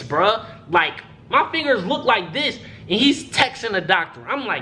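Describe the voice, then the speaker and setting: A man's voice: high-pitched, measured pace, few pauses, faint music behind. A young man telling a story in a casual, profane way, acting out what other people said. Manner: animated, profane, acts out other people's lines.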